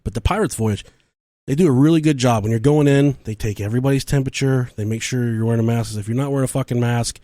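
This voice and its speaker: A man's voice: mid-range voice, fast talker, dry recording, clean studio sound. A man co-hosting a casual podcast, telling stories with lots of swearing and acting out what people said. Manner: profane, animated storyteller who acts out quotes. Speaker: podcast co-host. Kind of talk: casual podcast chat, storytelling.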